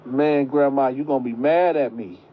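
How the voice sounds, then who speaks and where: A man's voice: mid-range voice, normal speed, close to an everyday voice. A man voicing a nervous young woman who stammers as she confesses. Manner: hesitant, stammering. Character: scared young woman confessing to her mother. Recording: muffled lo-fi recording.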